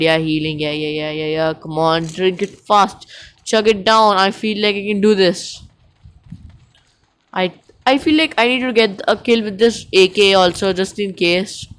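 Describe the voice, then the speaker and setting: Excitable young Indian gamer talking to himself. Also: male voice, high-pitched, smooth. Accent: Indian English. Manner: excitable, panicky, talks to himself nonstop. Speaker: mobile gaming YouTuber. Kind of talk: live gameplay commentary.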